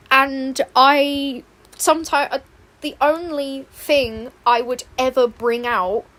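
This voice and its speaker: Young woman, high pitch, chatty, rambling, laughing asides. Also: fairly bright tone. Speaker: streamer and artist. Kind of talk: casual chat while drawing. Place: home room, indoors.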